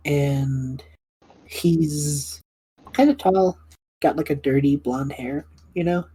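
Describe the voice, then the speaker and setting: A woman's voice: low voice, animated, slow pace, warm tone, husky, low-quality recording. A woman narrating a tabletop game as game master, rambling with fillers and laughing often.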